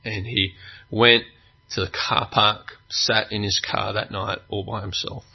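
A man preaching a sermon, earnest, with long pauses, building to fervent emphasis. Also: fairly low pitch, level tone, slightly rough, dull audio.

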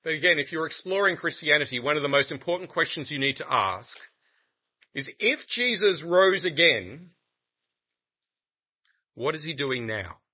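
A man preaching a sermon in an animated, conversational way, with humorous asides to the congregation. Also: fairly high pitch, normal speed, pauses often, breathy edge. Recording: muffled lo-fi recording.

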